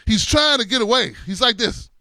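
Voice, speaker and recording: A middle-aged man hosting his own show, telling a comic story in an animated way, laughing along and dropping to hushed asides. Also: extremely high pitch, moderate pace, vocal fry, no echo. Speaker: show host.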